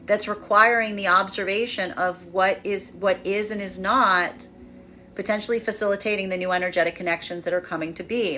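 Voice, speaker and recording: A woman's voice: mid-range voice, a bit bright. A woman tarot reader giving a livestreamed collective reading, speaking in flowing, repetitive, emphatic phrases.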